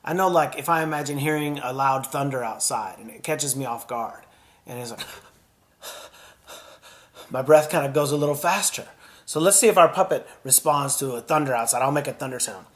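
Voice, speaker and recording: A man teaching children a puppet drama lesson, gentle and encouraging as he demonstrates. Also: mid-range voice, moderate pace.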